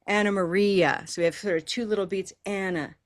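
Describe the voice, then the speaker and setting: A woman with an American accent teaching pronunciation in an online class, modeling phrases slowly and encouraging her learners. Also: medium pitch, steady tone. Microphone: video call.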